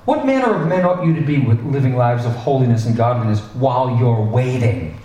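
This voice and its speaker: A male pastor preaching a sermon in a conversational, animated way, with asides and restarts. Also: mid-range voice, brisk, slight background noise. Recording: echoey hall, distant mic.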